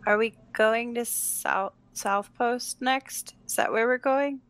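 Smooth-voiced woman rambling in character. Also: fairly high pitch, takes it slowly, fairly bright tone. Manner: rambling, apologetic, flustered. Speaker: player. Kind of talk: in-character tabletop play.

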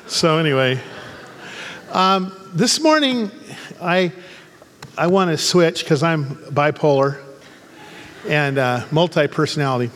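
Fervent pastor in a reverberant hall. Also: male voice, on the high side, expressive, takes it slowly, long pauses, a bit bright. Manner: humorous storytelling turning to fervent, angry exhortation. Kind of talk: sermon.

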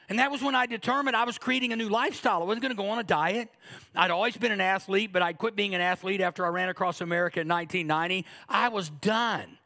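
A man's voice: extremely high pitch, fast talker, gravelly, sharp tone. A man in his fifties preaching a sermon, joking and acting out little asides in a conversational way. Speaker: pastor.

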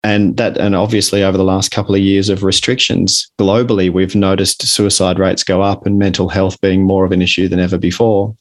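Deep-voiced and brisk with few pauses, this Australian man talks earnestly as an author on a podcast. Acting out his examples makes him noticeably animated.

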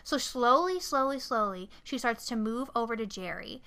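A young woman hosts a casual podcast, retelling a film scene by scene with animated, profane energy. Her voice is bright and sits a little high. She throws in acted-out bits of dialogue as she goes. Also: moderate pace, smooth. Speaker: podcast co-host. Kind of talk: casual movie recap chat.

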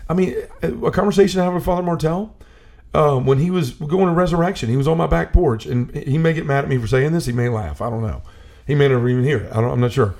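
A man speaks with a gravelly, creaky edge and a dark, mellow tone. He talks earnestly in a relaxed conversation, telling long stories and often stopping to restart his sentences. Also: a little high. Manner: earnest storyteller, restarts and repeats himself. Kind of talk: casual conversation about faith.

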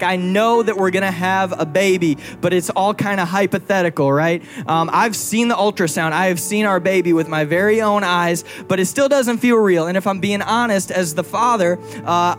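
A man's voice: high-pitched, moderate pace, few pauses, soft background music. A young man preaching a sermon to a congregation, conversational and playful, teasing his wife. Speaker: pastor. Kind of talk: sermon with personal stories. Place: church before a congregation.

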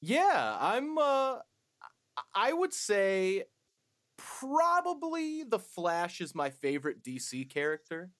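A man's voice: high-pitched, huge pitch swings, slow, a bit bright. Chatty guy co-hosting a podcast, voice goes up and down a lot, laughs a bunch. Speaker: podcast co-host. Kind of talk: casual podcast chat.

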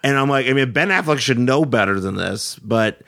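A man's voice: medium pitch, expressive, creaky, fairly bright tone. A young man, a podcast guest, chatting casually about films and often stopping to restart his sentences. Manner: rambling, halting restarts. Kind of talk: casual film chat.

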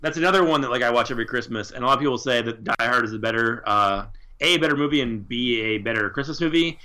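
A man's voice: medium pitch, fast talker, bright, forceful tone. A man co-hosting a casual chat, talking enthusiastically and swearing freely. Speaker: podcast co-host.

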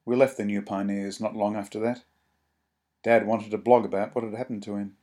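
A man reading his own first-person short story aloud in a measured, steady way. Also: lowish voice.

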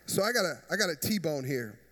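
Pastor, male, high voice, casual joking sermon style, long church reverb. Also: very animated, fairly quick, a bit bright, slightly rough. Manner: conversational preaching with jokes and crowd questions.

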